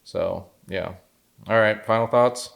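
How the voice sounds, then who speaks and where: A man's voice: on the low side, takes it slowly, vocal fry. A young man co-hosting a casual film discussion, rambling and heartfelt, his talk full of fillers. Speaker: podcast co-host.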